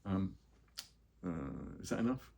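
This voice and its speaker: A man with a very low, deep voice tells long anecdotes in a relaxed interview. He rambles with plenty of ums and uhs and slips into the voices of the people in his stories. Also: takes it slowly, creaky. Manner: rambling storyteller with many fillers, acts out quoted voices. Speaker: actor and voice-over artist interviewed.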